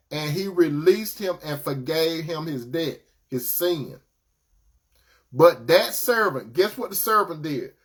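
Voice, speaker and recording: A man preaching a sermon in a conversational way, telling a parable and speaking to listeners as brother and sister. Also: a little high.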